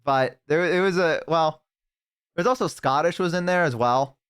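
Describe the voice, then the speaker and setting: A man's voice: fairly high pitch, normal speed, a bit bright, clear, resonant tone. A man streaming, chatting casually, joking and rambling with crude humor.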